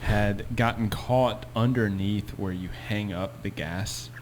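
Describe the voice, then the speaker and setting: A man in casual podcast chat, relaxed, chiming in with his own side stories. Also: lowish voice, slow, slight background noise.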